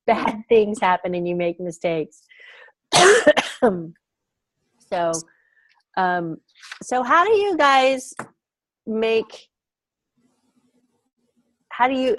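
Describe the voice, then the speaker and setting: A woman hosting a casual group call, chatty and animated, laughing often as she tells stories. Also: on the low side.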